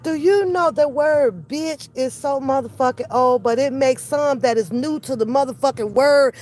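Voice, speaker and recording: Animated, profane woman with a high voice. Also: moderate pace. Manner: animated, profane, mimics others. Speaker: commentary channel host. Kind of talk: casual reaction commentary.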